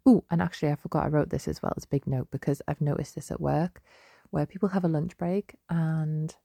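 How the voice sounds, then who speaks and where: A young woman hosting a solo podcast, chatty and gentle, with many fillers and restarts. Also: low-pitched, fairly even intonation, a little fast, creaky, no room sound. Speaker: podcast host. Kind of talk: casual solo podcast talk.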